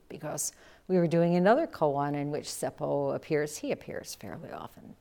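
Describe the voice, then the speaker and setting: A woman Zen teacher giving a dharma talk, telling a story slowly and reflectively and acting out the quotes. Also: sits low, a little mellow.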